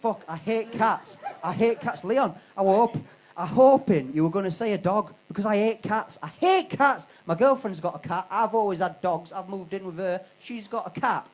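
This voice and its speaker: A man's voice: high-pitched, lively intonation, moderate pace, low-quality recording. A man doing live stand-up on a comedy club stage, brash and sweary, teasing the crowd.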